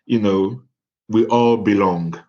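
A man's voice: lowish voice, slow pace, mellow, dull audio. Earnest storytelling man from Africa. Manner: earnest, emphatic, asks rhetorical questions. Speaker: podcast guest. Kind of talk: storytelling in conversation.

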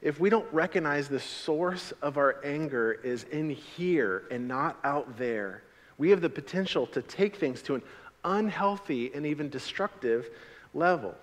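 A middle-aged man preaching a sermon as a pastor, animated, swinging from loud emphatic lines to quiet asides. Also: fairly high pitch, measured pace. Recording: long hall reverb.

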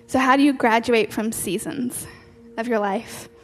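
A woman's voice: a little high, a little slow, a bit bright. A woman preacher delivering an earnest sermon, repeating key phrases for emphasis. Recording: long hall reverb with faint music.

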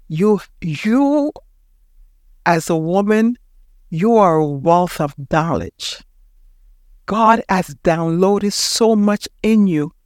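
A Panamanian-accented woman in her sixties delivers a motivational podcast talk. She presses her points home and repeats them for emphasis. Her voice is smooth and resonant, recorded dry and close. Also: mid-range voice, darkish tone, no room sound. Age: 60s. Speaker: podcast host.

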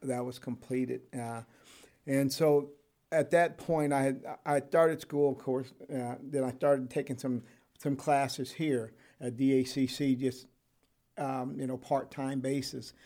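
Older man, retired officer, rambling storyteller, mid-pitched voice. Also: fairly even intonation, measured pace, mellow. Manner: rambling, with frequent ums and restarts, laughs often. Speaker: interviewee, retired correctional officer. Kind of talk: storytelling interview.

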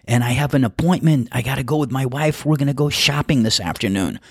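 A bubbly, high-pitched Colombian golfer with a Spanish accent, as a man puts him on, calling out eagerly and warmly. His voice sits well above the teller's own, a little husky, in a dry, close sound. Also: fairly quick, dry recording. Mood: cheerful. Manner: eager, friendly, exclaiming. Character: cheerful middle-aged Colombian male golfer.

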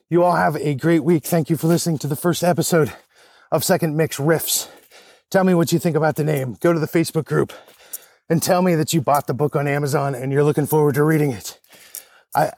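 A man's voice: on the high side, darkish tone, no room sound. Winded man hiking, dry close sound. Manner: earnest, encouraging. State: out of breath. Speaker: podcast host. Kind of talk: casual solo podcast monologue. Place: outdoors on a hiking trail, walking uphill.

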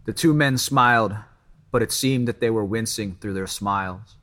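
A man narrating a first-person story in a measured, even reading. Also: on the low side.

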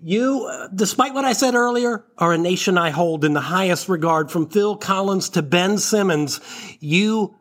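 A man with a notably high-pitched voice hosts his own comedy podcast alone. He talks in a swaggering, mock-indignant way, swearing freely and puffing himself up as he rants. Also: moderate pace, fairly bright tone. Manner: mock-indignant, profane, boastful. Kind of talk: solo comedy podcast rant.

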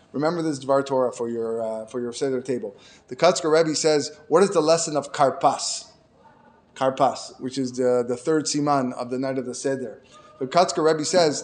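A man teaching a Torah lesson in a storytelling way, with Hebrew terms mixed in and growing emphatic as he makes his points. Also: medium pitch. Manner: storytelling, grows emphatic and louder when making points; frequent restarts and fillers, sprinkled with Hebrew terms. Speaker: rabbi.

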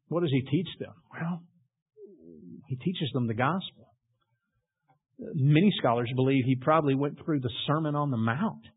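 Husky-voiced man preaching a sermon. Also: medium pitch. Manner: storytelling, retells scripture with acted quotes, builds to loud emphasis. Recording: tinny phone-like audio.

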